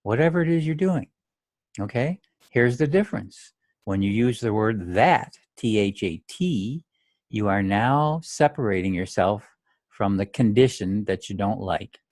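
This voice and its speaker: A man's voice: lowish voice, expressive, a little slow, darkish tone, no room sound, clean studio sound. A man coaching golfers on their mental game, talking in a blunt, straight-talking way and saying phrases aloud to show the difference. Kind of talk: direct instructional monologue.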